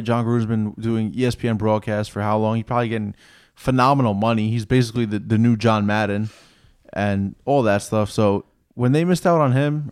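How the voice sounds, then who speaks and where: Chill guy talking football, smooth clear voice, dry close sound. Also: medium pitch, darkish tone, no echo. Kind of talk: casual sports talk.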